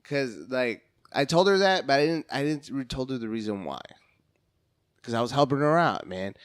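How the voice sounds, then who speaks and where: A man's voice: medium pitch, expressive, moderate pace, smooth, dry recording, studio quality. Hyperactive swearing man telling stories. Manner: hyperactive, swearing, acts out phone calls in voices. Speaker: podcast guest, comedian. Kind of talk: casual podcast chat.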